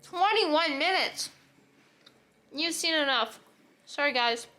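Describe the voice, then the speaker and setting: A young woman with a high, lively voice chats and teases playfully on camera at a dinner table, her pitch bouncing all over. The sound is a little echoey, like a bare room at home. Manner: playful, bantering, quick laughs. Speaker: vlogger. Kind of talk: casual chat on camera at dinner.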